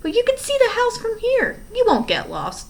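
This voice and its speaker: A woman's voice: very high-pitched, huge pitch swings, moderate pace, voice pushed up, heavily acted. A woman reading aloud, voicing a fussy, formal middle-aged banker who misses what is going on.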